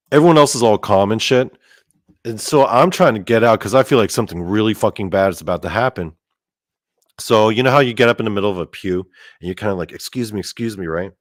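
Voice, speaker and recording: Low-voiced man rambling through a story. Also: no echo, studio quality. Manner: rambling, filler-heavy, swears freely. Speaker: podcast host. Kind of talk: casual storytelling.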